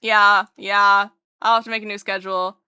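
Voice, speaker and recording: A young adult woman livestreamer chatting casually with her viewers, bubbly and excitable, with jokey self-mocking asides and a voice that leaps up when she greets people. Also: medium pitch, normal speed, clean tone, no echo, muffled recording. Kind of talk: casual chat with live viewers.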